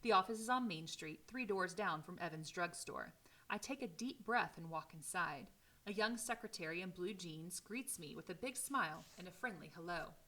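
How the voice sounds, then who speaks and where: A woman teacher reading a novel aloud in a steady, clear storytelling way. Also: lowish voice, normal speed.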